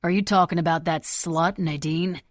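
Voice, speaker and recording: A woman's voice: fairly low pitch, steady tone, moderate pace, no echo, close to an everyday voice. Woman playing unhinged young thug, crude, menacing, audiobook, dry. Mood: sneering. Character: young man, jittery violent armed villain.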